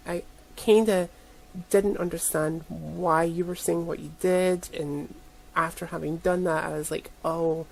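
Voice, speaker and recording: A woman guest in a casual chat, talking thoughtfully and hesitantly with many pauses. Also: lowish voice, gravelly, a little mellow, rough recording.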